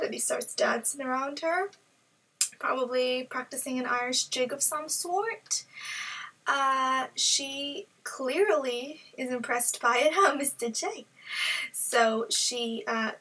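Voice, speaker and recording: A woman's voice: high-pitched, slow, bright, forceful tone, far from the mic, poor audio. A young woman vlogging in a casual, joking way and giggling between thoughts. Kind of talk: casual chat.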